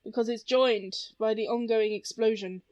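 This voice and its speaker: A woman's voice: fairly high pitch, fairly even intonation, normal speed, a little mellow, muffled recording. A woman narrating a tabletop superhero game as game master, playful and teasing, often breaking into laughter.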